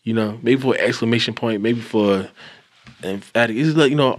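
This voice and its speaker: Brief: male podcast host, mid-pitched, loose storyteller, trips over his words, swears freely. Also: a little fast. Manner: rambling, animated storytelling with restarts and swearing. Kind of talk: casual chat.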